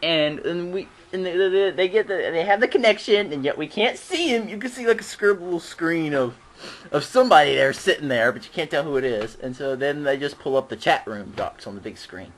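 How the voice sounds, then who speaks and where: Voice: medium pitch, lively intonation, brisk, a little hiss or hum. A fan recapping a TV episode in a casual vlog, rambling and giggling, with frequent restarts. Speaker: show reviewer.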